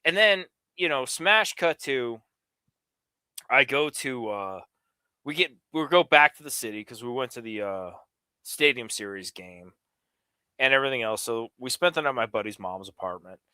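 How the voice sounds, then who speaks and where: This middle-aged New York-area man talks at a moderate pace in a clean, mid-range voice, captured dry. He's an animated, profane storyteller rambling through a lengthy tale on a laid-back livestream.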